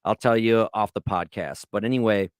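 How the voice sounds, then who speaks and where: A man's voice: lowish voice, moderate pace, clear, resonant tone, no room sound, studio quality. A man in his thirties co-hosting a podcast, telling rambling stories full of swearing in casual chat. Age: 30s. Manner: profane, rambling storyteller. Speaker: podcast co-host.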